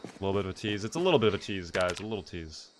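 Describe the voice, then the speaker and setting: A man's voice: low voice, sing-song, rapid-fire, noisy background. A man streaming a video game and chatting casually with his audience. He talks in a loose, rambling way, with plenty of "like" fillers. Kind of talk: casual live-stream chat.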